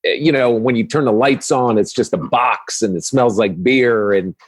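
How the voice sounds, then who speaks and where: A man who is a guest comedian, talking in a relaxed, easygoing way on a podcast and laughing easily. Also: mid-range voice, moderate pace, slightly rough, no echo. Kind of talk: casual chat.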